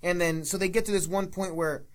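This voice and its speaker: A man's voice: sits high, brisk. A man co-hosting a podcast, casually retelling a movie scene by scene with lots of profanity. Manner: animated retelling with profanity and acted-out quotes. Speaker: podcast co-host. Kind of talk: casual movie review chat.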